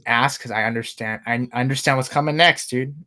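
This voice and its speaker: A young podcast co-host who talks in a hesitant, rambling way and keeps saying dude. His voice sits at a middle pitch with a bright, forward tone. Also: fairly quick. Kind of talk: casual chat.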